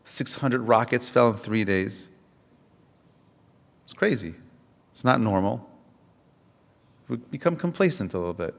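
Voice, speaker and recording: A rabbi delivers a Tisha B'Av lecture, his voice sitting at an ordinary male pitch. He presses the audience with rhetorical questions and tells stories with frequent restarts. A long hall reverb trails every phrase. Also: expressive, a little slow, gravelly, pauses often. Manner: impassioned, full of rhetorical questions.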